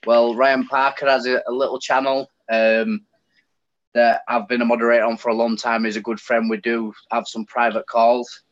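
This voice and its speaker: A man's voice: medium pitch, flat delivery, moderate pace. A middle-aged man, a talkative guest telling stories in a casual live stream chat. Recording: slightly dull lo-fi call audio.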